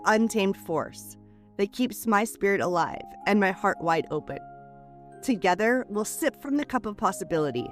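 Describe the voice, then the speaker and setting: A woman podcast host reading a scripted reflective letter aloud, soothing and expressive, moving between lifted phrases and hushed drops. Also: medium pitch.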